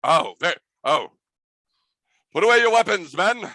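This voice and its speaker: A man's voice: high-pitched, sing-song, a little slow, bright, forceful tone, no room sound, studio quality, voice pushed up, full character voice. A man voicing a pompous, swashbuckling male mouse leader who uses theatrical, old-fashioned exclamations. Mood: eager.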